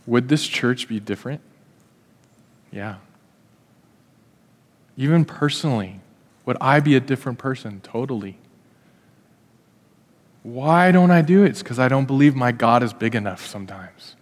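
A man preaching a sermon in a church, telling the story in a conversational, animated way and acting out the quotes. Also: medium pitch, unhurried, long pauses. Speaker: pastor. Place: church hall. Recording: echoey church hall.

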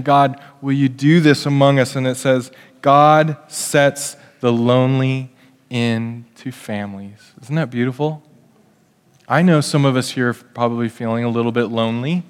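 A man's voice: medium pitch, a little fast. A middle-aged male pastor preaching a family sermon, speaking directly to the kids and acting out what family members say. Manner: lively, addresses kids directly, acts out family quotes. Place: church hall. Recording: long hall reverb.

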